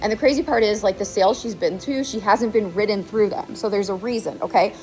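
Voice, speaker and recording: A woman's voice: medium pitch, brisk, a little mellow, soft background music. Chatty woman telling a horse story. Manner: chatty, emphatic, lots of "like" and "okay?". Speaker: horse channel host. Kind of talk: casual vlog storytelling.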